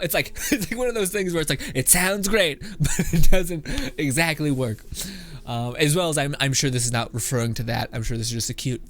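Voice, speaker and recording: A man's voice: mid-range voice, fairly bright tone. A man reacting to internet memes in casual commentary, laughing often, swearing, and rambling off into asides. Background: background music.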